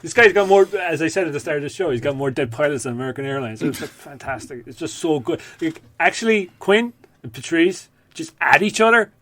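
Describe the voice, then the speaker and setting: A man, co-hosting a podcast in casual, rambling, profane chat that gets animated when he tells stories. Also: a little high, a little fast. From Ireland. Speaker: podcast co-host.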